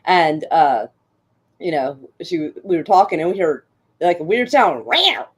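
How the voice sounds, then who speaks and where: A woman's voice: deep voice, expressive, unhurried, a little mellow, slightly rough. A middle-aged woman streamer in casual chat, telling stories with frequent laughter and swearing. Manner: chatty storyteller, laughs often, swears.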